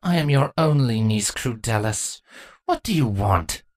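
Woman doing a deadpan, low-voiced changeling queen. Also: measured pace, dry recording, exaggerated voice. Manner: deadpan, matter-of-fact. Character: proud, sardonic female changeling queen. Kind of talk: fan fiction reading.

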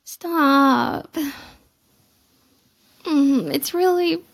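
Giggly, teasing young woman, high fry. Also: very slow. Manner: playfully bratty and coy. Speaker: audio role-play performer. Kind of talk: intimate audio role-play.

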